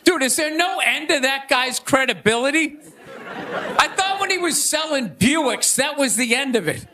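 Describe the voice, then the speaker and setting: A man doing a loud, ranting stand-up set on a theater stage, shouting his punchlines. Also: extremely high pitch, animated, normal speed. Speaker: stand-up comedian. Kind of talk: stand-up monologue. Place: theater stage before a laughing audience. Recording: live show with audience laughter and noise.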